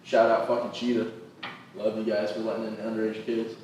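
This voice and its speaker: A man's voice: fairly low pitch, fairly quick. Foul-mouthed male comedian telling stories, echoey. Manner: swears constantly, animated anecdotes. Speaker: comedian and podcast co-host. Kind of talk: profane casual storytelling. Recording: echoey room, distant mic, noisy.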